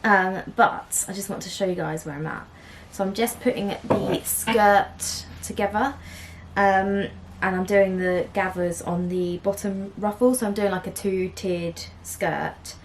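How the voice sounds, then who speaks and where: Young woman, home sewing vlogger, gentle and chatty with soft laughs, talking straight to camera. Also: medium pitch, fairly even intonation, measured pace, slight background noise. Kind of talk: casual chat to camera. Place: small room at home.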